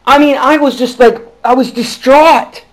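A male pastor preaching a sermon, telling his own calling story with lively swings between hushed and loud delivery and frequent restarts. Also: very high-pitched, a little slow. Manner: frequent restarts and repeated words. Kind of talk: sermon with personal testimony.

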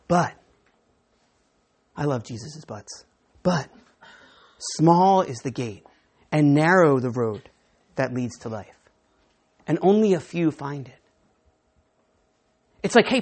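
Woman preacher, sermon delivery, animated, slips into crowd voices. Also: on the low side, breathy edge. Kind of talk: sermon with an object lesson.

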